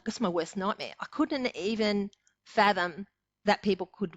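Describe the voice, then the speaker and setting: A woman's voice: mid-range voice, expressive, normal speed, no echo. An Australian woman in her sixties, a podcast guest telling her stories in a chatty way and laughing often. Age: 60s. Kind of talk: casual storytelling.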